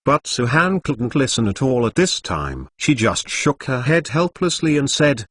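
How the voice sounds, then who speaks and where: A man's voice: medium pitch, big pitch swings, a little slow, few pauses, a bit bright. A man's voice narrating a novel in a machine-like read that speaks punctuation aloud.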